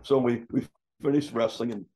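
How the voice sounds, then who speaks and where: A man telling a casual anecdote, animated and jumping up in pitch when he acts out what others said. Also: moderate pace. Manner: animated, acts out quoted voices with big pitch jumps. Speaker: storyteller guest.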